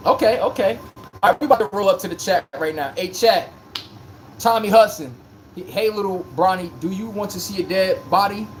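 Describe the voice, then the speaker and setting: A man's voice: sits high, moderate pace, a little hiss or hum. A man hosting a live sports stream, talking in a joking, rambling, slangy way. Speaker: livestream sports podcast host. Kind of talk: casual live-stream chat.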